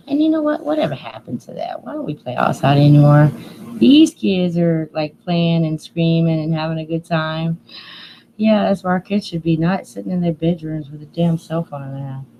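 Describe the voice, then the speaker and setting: Woman, low-ish voice, casual livestream host, chatty and playful. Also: mellow, a little hiss or hum, rough recording. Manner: chatty, laughing, playful asides. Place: indoors at home near a window.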